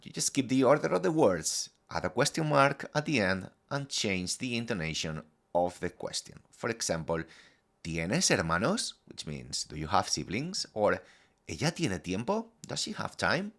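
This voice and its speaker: A man teaching a scripted Spanish lesson, modelling phrases clearly and deliberately for learners to repeat. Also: lowish voice, very animated, a bit bright.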